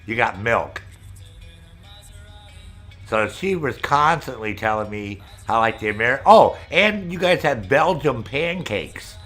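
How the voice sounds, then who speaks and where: A middle-aged streamer host from Maine, United States, chats casually with viewers, spinning rambling, profanity-laden stories. His mid-range voice is animated and fairly bright, and he takes his time. Faint music plays behind him.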